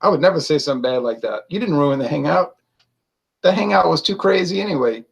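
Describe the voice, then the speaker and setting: A man's voice: on the high side, animated, quick pace, gravelly, husky. A man reviewing beer in a casual, chatty way, laughing often and reading out viewer comments to his live audience.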